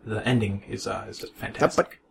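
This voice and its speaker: A man's voice: on the low side, fairly even intonation, brisk, vocal fry. A man co-hosting a casual podcast, thinking aloud about movies and adding playful quips. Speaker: podcast co-host.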